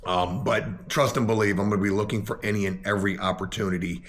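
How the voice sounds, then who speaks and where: A man's voice: lowish voice, steady tone, fast talker, a bit bright. Earnest middle-aged man vlogging from his car. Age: 40s. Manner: earnest, rambling, self-deprecating. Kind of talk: casual vlog talk to camera.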